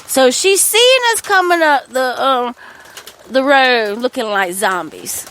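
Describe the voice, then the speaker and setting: A woman, hosting a podcast and telling a rambling, animated story about her household, swearing freely. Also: high voice, slow pace. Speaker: podcast host. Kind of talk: casual storytelling monologue.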